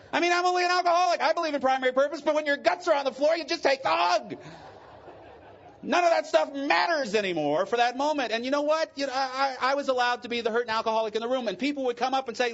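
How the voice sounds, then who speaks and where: A man's voice: extremely high pitch, fast, fairly bright tone, muffled recording. A middle-aged man speaking at a recovery convention, telling candid, joking and emotional stories from his own life. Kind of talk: personal testimony talk.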